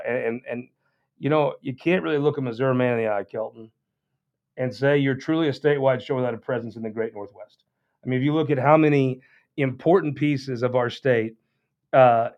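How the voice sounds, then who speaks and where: A man's voice: medium pitch, lo-fi sound. A man hosting a political show, giving a casual, rambling and folksy announcement with many restarts.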